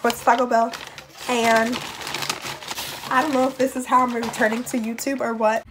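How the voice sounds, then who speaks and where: A woman with a hoarse, worn-out voice, chatting casually to camera while she eats, with mouth sounds and coughs between words. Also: fairly high pitch, little pitch movement, moderate pace, heavy background noise. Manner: chatty, talks while eating, with smacking and coughs. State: hoarse, voice nearly gone. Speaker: YouTuber. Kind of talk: casual eating-show chat.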